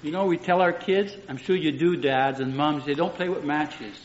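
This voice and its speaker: A man's voice: fairly high pitch, moderate pace, a little hiss or hum. A middle-aged man preaching a sermon, telling homely stories in an earnest way and often saying "you know". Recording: dull echoey room recording.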